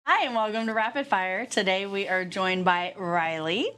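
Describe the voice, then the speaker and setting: A woman hosting a quick-fire interview, cheerful and giggly. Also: medium pitch, fairly bright tone.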